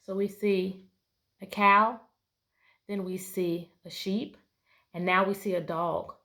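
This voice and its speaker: A woman's voice: mid-range voice, steady tone, takes it slowly. A woman teacher reading a picture book aloud to her class, patiently asking prediction questions between pages. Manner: bright, playful voices for story animals.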